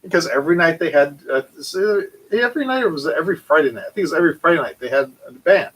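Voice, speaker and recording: A man casually telling a long, animated story full of fillers and restarts. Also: on the high side, rapid-fire, breathy edge, low-quality recording. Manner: animated, rambling anecdote with frequent fillers. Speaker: channel host.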